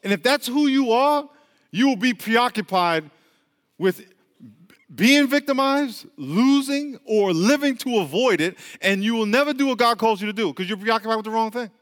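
A man with a high, lifted voice preaches to his congregation, drawing them in with stories and call-and-response. His words ring out through a church hall with a long, lingering reverb. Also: animated, normal speed. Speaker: pastor. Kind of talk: sermon.

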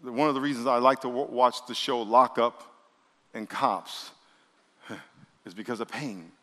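A male pastor preaching a sermon, leading the congregation in call-and-response and swinging between loud bursts and quiet asides. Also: mid-range voice, steady tone, unhurried, long reverb tail. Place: church sanctuary.

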